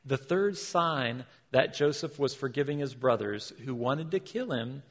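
A man preaching a sermon as pastor, animated, asking his listeners rhetorical questions. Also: mid-range voice, measured pace. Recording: long hall reverb.

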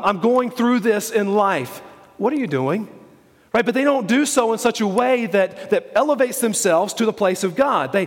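High-voiced preaching man in a reverberant hall. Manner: emphatic preaching, repeats key phrases, asks the congregation questions. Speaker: pastor. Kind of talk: sermon.

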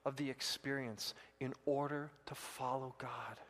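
A male pastor preaching a sermon, telling a personal story and rising to loud, excited bursts. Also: medium pitch, unhurried. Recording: long hall reverb.

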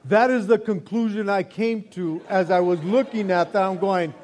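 Older male pastor, fairly high voice, animated joking sermon delivery. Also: normal speed. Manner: animated, joking preacher with many restarts.

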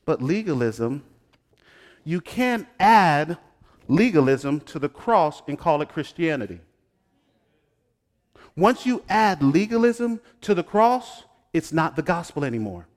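A pastor preaching a sermon who teases his congregation and swings between hushed asides and loud exclamations. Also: fairly high pitch, sing-song, takes it slowly, pauses often. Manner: talks straight to the congregation, joking and teasing. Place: church sanctuary. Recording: long hall reverb.

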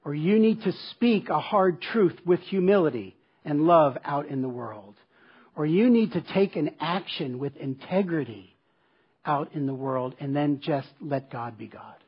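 A man's voice: fairly high pitch, measured pace, slightly rough, highs cut off. A man preaching a sermon as pastor, telling a personal story in an earnest, emphatic way and returning to a repeated refrain. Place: church service.

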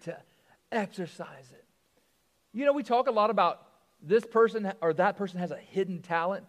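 A man preaching a sermon as pastor, telling a joke story with lively swings from loud to hushed. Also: high-pitched, big-room sound.

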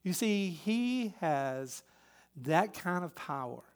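High-voiced emphatic male preacher. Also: very animated, slow. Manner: emphatic preaching with swings in loudness. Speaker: pastor. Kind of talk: sermon.

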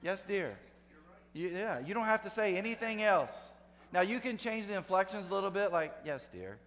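A man's voice: sits high, animated, brisk, a bit bright. Man preaching in a reverberant hall. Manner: conversational preaching with emphatic rising bursts. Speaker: pastor. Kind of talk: sermon. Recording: long hall reverb, faint hum.

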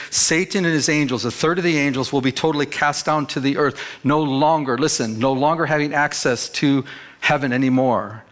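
A man preaching a sermon as pastor, reading scripture and telling folksy stories in an animated way. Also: a little high.

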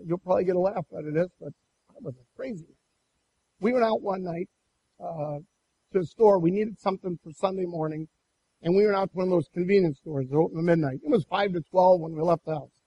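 A man preaching a sermon and telling a personal story in an animated way, with many restarts. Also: high voice, a little fast, husky, highs cut off. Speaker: pastor.

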